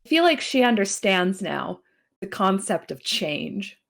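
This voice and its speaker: A woman's voice: mid-range voice, big pitch swings, unhurried, gravelly, fairly bright tone. Casual woman tabletop player. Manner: casual, hesitant, filler-heavy. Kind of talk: playing a tabletop game.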